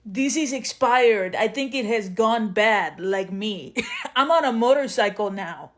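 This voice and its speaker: A woman voicing a goofy middle-aged dad who half-sings mangled song lyrics in a high, silly, sing-song way. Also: expressive, unhurried.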